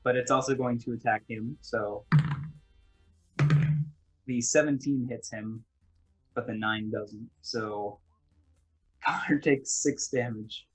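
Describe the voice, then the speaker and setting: A man runs a tabletop game in a husky, slightly breathy voice. He narrates at an easy pace and keeps restarting his sentences with small fillers. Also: mid-range voice, takes it slowly, pauses often, soft background music, rough recording. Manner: relaxed, with frequent fillers and rephrasing. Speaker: game master.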